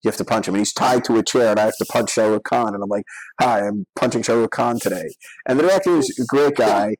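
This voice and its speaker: A man's voice: on the low side, fast, a little mellow, no room sound. A middle-aged man, a guest on a podcast interview, telling rambling anecdotes full of filler words. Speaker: guest, actor and filmmaker.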